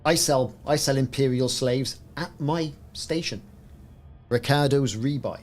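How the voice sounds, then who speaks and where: Chatting casually on his gaming livestream, a man with a Welsh accent jokes around and adds mock sports-commentary asides. His medium-pitched voice is a little slow, and there's slight hiss or hum on the audio.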